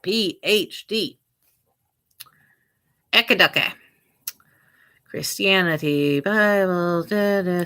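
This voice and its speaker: This online reseller and vlogger, a Midwestern American woman, speaks slowly with frequent pauses in a pushed, bright, medium-pitched voice. She chats casually and thinks aloud while listing items for sale online.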